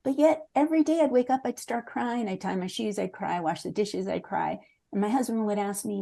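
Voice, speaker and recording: A woman's voice: medium pitch, a little fast, gravelly, mellow. A woman in her sixties, a memoir author answering interview questions in an earnest, reflective way, now and then restarting a sentence.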